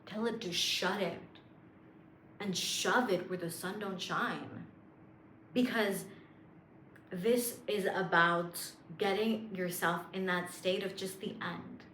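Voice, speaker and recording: A woman's voice: medium pitch, fairly even intonation, slow, fairly bright tone, reverberant, a little hiss or hum. A woman coaching viewers on manifestation in a chatty, playful way, with lots of fillers and self-amused asides. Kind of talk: casual spiritual coaching monologue.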